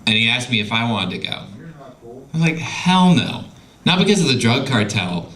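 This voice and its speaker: A young male stand-up comedian telling profane, animated stories on a comedy club stage into a handheld mic. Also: medium pitch, brisk. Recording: loud noisy live club recording.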